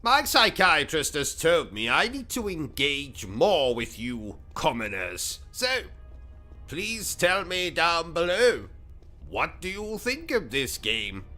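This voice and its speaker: A man's voice: on the high side, wildly swooping pitch, takes it slowly, bright, forceful tone, soft background music. A British man hosting a gaming livestream, ranting and trading insults in a pompous, over-the-top comic persona. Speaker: gaming channel host. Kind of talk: comedic livestream commentary.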